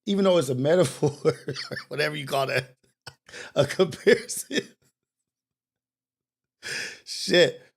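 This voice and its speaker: A young man hosting a morning show, talking in an animated, preachy and confessional way, with slang and cursing. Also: a little high, takes it slowly, gravelly, long pauses, slightly rough. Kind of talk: casual commentary monologue.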